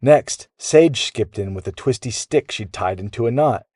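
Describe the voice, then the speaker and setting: A man narrating a children's bedtime story in a lively, animated way. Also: mid-range voice, normal speed, breathy edge, dry recording.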